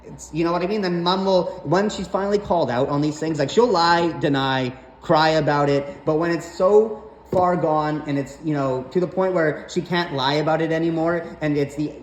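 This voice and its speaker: A man's voice: a little high, normal speed. Profane, rambling man in an echoey room. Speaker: storyteller vlogger. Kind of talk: casual storytelling rant. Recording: roomy echo, faint background noise.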